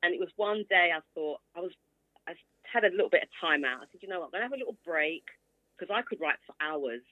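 A woman in her sixties recounts her story with animated delivery. Her voice sits fairly low, rises and falls a great deal, and plays out every quote. It comes through a tinny, phone-like line with dry sound. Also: quick pace, no echo. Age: 60s. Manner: lively storyteller acting out quotes. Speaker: author guest. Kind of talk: casual storytelling interview.

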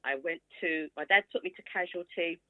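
A woman's voice: on the low side, moderate pace, no room sound. A woman in her sixties telling her story in a casual interview and acting out quoted voices along the way. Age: 60s. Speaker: author guest. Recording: tinny phone-like line, dry.

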